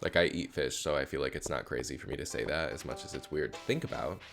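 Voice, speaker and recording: A man's voice: very deep voice, fast talker, creaky, fairly bright tone. A man streaming a game live, chatting casually and rambling with his viewers. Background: game music.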